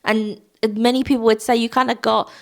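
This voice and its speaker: A woman's voice: fairly high pitch, level tone, a little fast, vocal fry. A young woman casually recapping a reality TV episode, chatty and exasperated, firing off rhetorical questions. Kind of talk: casual recap chat to camera.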